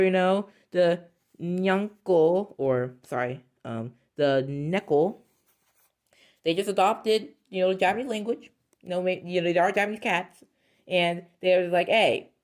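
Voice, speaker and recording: Woman rambling to her viewers, lots of restarts, lower voice but swings up and down a lot. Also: a little mellow. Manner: rambling, self-correcting, laughs often. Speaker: video creator. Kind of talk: casual talk to camera.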